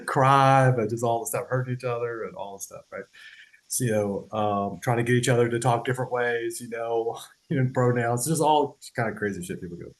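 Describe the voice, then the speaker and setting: A man's voice: medium pitch, normal speed, low-quality recording. Casual, loose-talking man on a podcast. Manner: loose and conversational, swears, laughs, keeps asking "right?". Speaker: podcast host. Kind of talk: casual explanatory podcast talk.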